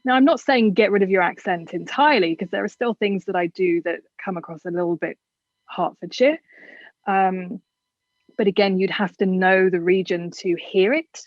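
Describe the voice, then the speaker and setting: A woman's voice: medium pitch, normal speed, no echo, lo-fi sound. A woman from England with a generic southern English accent, giving frank, chatty advice as an interview guest. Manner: frank, chatty, self-deprecating.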